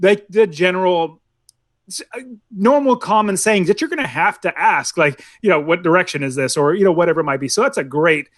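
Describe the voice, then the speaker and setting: High-voiced rambling podcast guy. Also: expressive, brisk, dry recording, clean studio sound. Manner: rambling storyteller, full of "like". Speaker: podcast co-host. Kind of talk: casual movie podcast chat.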